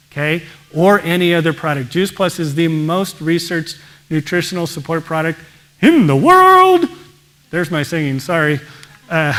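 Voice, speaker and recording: A male pediatrician gives a lively, enthusiastic talk to an audience. His voice sits a little high for a man, and he keeps stopping to exclaim in amazement. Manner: energetic, exclaims wow often.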